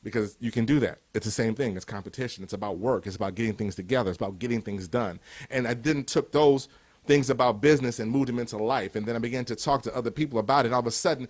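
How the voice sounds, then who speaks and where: A man's voice: mid-range voice, fast. Emphatic motivational speaker, a man. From Cleveland, USA. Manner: emphatic, repetitive rhetorical build-ups. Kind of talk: recorded motivational speech.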